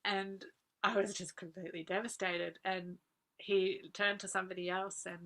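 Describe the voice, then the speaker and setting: A woman, earnestly recalling personal memories as a guest speaker, laughing softly now and then. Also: medium pitch, little pitch movement, normal speed. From Australia. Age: 40s. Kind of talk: personal reminiscence talk.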